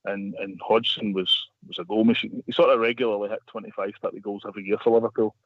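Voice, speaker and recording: A man's voice: fairly low pitch, fairly even intonation, quick pace, dry recording. A man telling a long story as a radio guest, rambling with many restarts. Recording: phone line.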